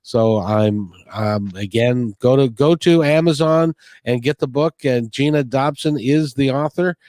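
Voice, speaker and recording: A man's voice: medium pitch, unhurried, darkish tone, no room sound, clean studio sound. A man hosting a podcast interview, talking in an earnest, rambling way full of restarts. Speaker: podcast host. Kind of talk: casual interview talk. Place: near Puget Sound.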